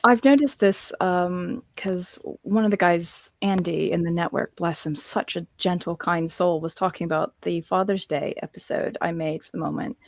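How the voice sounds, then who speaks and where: A woman guest on a podcast, talking in an earnest, gentle way with hesitant restarts. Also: lowish voice, fairly even intonation, normal speed, hardly any pauses, dry recording, studio quality. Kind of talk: casual podcast chat.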